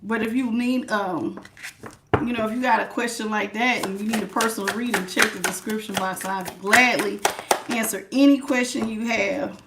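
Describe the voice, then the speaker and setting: Woman, tarot reader, chatty, lively, calls viewers honey, medium pitch, noisy background. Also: normal speed. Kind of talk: casual live tarot reading.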